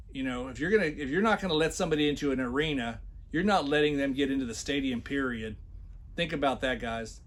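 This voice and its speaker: A man talking in a casual commentary video, sarcastic and blunt, often restarting his words. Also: mid-range voice. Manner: sarcastic, reads a job post aloud in loud mocking emphasis. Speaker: commentary vlogger.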